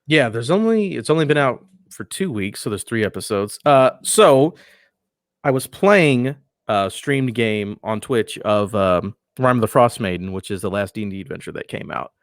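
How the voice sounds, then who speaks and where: A voice actor and podcaster, appearing as a guest in a casual interview, talks in a relaxed, enthusiastic way and often trails off softly. His voice is medium-pitched at a normal speed, recorded with studio quality and no echo.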